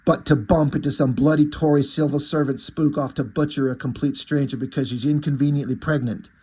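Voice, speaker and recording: A man's voice: a little high, fairly even intonation, fairly quick, a little mellow, a little hiss or hum, natural voice. A man reading aloud the lines of a hard-bitten male occult con man from a comic, blunt and sweary. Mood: scornful.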